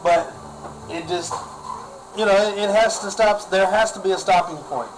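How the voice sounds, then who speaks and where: A man's voice: high-pitched, steady tone, normal speed, background noise. A man ranting in a casual vlog, exasperated and sarcastic, often repeating himself. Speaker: vlogger.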